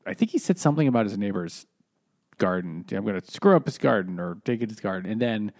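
Mid-pitched man, dry, hesitant retelling. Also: big pitch swings, fast talker, darkish tone, dry recording. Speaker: podcast co-host. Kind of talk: casual chat recapping a book.

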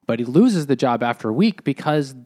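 A man's voice: medium pitch, sing-song, fairly quick, a little mellow, dry recording, clean studio sound. A man co-hosting a casual book-club podcast, summarizing the story steadily. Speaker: podcast co-host.

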